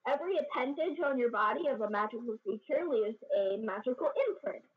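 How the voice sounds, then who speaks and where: A man's voice: very high-pitched, animated, brisk, phone-quality sound. A woman voicing an earnest, easily embarrassed young male mage who speaks in a matter-of-fact way.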